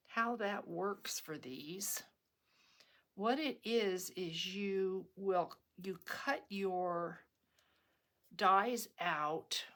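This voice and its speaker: Slow-talking chatty craft host woman. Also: on the low side, a bit bright. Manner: chatty and rambling, with frequent ums and restarts. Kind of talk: casual craft tutorial.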